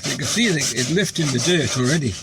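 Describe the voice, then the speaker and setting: A man's voice: on the high side, animated, fast talker, heavy background noise. A man giving a casual, playful demo of cleaning a car seat, a little out of breath. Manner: chatty, playful rhyming slang. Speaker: vlogger demonstrating a cleaning product.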